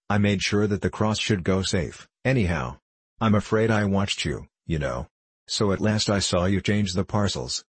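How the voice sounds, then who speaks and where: A man's voice: low voice, breathy edge, no echo. A man voicing a mild, vague little country priest who speaks simply and apologetically in an audiobook reading. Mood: apologetic.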